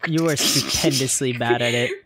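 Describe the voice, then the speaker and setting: A man hosting a casual gaming chat, laid-back and dry, pausing to think. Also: medium pitch, very noisy. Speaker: host.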